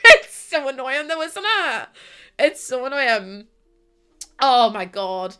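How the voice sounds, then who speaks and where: A woman's voice: high-pitched, takes it slowly, long pauses, fairly bright tone. A woman streamer chatting casually with her live chat while gaming, bubbly and giggly, rambling from one thought to the next.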